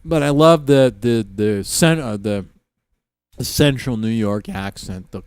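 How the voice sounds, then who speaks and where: A man's voice: medium pitch, measured pace, smooth, dry recording, studio quality. A middle-aged Canadian man with a Canadian accent, hosting a casual livestream and talking in a rambling, profane way with frequent laughter. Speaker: livestream host.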